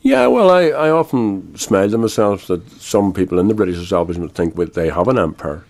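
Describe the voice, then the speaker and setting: An older Irish man, a guest in a radio interview, speaking in a measured, grave way with frequent pauses. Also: low-pitched, expressive, a little mellow. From Ireland.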